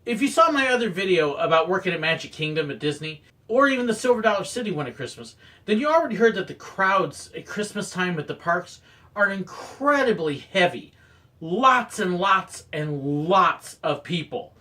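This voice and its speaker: A man recounts his theme park work days in a relaxed, storytelling monologue. His pitch rises and falls in lively swings, and he slips into loud, acted-out bursts for quoted moments. The voice sounds a little distant from the microphone. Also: normal speed. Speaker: former theme park photographer sharing stories.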